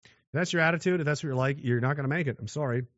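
A man's voice: medium pitch, rapid-fire, a bit bright, no room sound, dull audio. A man delivering a blunt, aggressive monologue rant, mocking those who show mercy.

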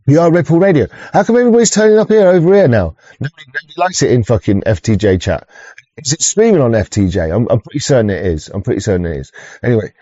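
A man's voice: medium pitch, expressive, fast talker, dark tone, no room sound, lo-fi sound. A man hosting a rambling, casual livestream chat, swearing often, stumbling over restarts and chuckling as he greets viewers. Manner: sweary, stop-start, chuckling, greets chatters. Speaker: livestream host.

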